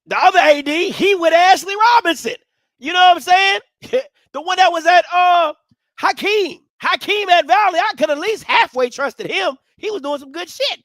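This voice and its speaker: A man hosting a live sports talk stream, swinging from low musing to loud, animated ranting. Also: moderate pace, no room sound. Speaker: sports commentary host.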